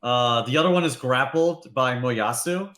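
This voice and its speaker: A young man narrating a tabletop game as game master, loosely, with lots of fillers and quick character voices. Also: medium pitch, fairly bright tone, roomy sound.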